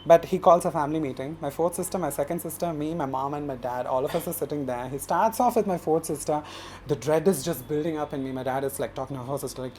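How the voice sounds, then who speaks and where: A man's voice: fairly high pitch, fast talker, slight background noise. A young man, telling a personal story on stage at a live storytelling event in a casual, chatty way. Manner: casual and chatty, many fillers, breaks into animated laughing retellings.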